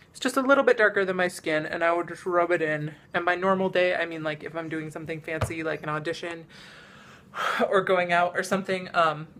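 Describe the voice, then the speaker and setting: A young woman with a bright, forward voice chats casually to camera about makeup. She rambles a little, dropping plenty of "um"s and "like"s and laughing easily as she shows her products. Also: mid-range voice. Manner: chatty and rambling, lots of "um" and "like", laughs often; demonstrates products while talking. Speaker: vlogger.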